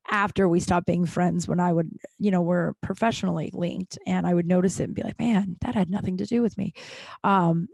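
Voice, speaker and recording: A woman hosts her own solo podcast, talking frankly and ramblingly with many restarts and casual swearing. Her lowish voice has vocal fry and a slightly mellow tone, in a dry, studio-quality recording.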